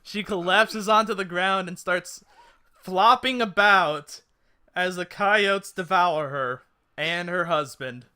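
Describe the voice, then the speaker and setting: A man's voice: high voice, takes it slowly, clear, resonant tone. A man narrating as game master of a tabletop role-playing game, laughing often between lines. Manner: animated, laughs often, puts on brief voices.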